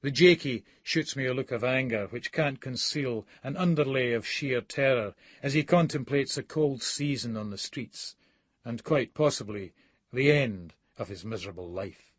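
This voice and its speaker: A man's voice: mid-range voice, normal speed, no echo. A man with a Scottish accent reading a gritty first-person novel in a sardonic storytelling manner. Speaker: audiobook narrator.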